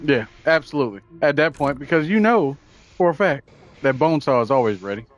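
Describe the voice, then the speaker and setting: A man's voice: on the high side, big pitch swings, brisk. A man co-hosting a podcast in casual chat, laid-back and agreeable, laughing along and chiming in. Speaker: podcast co-host.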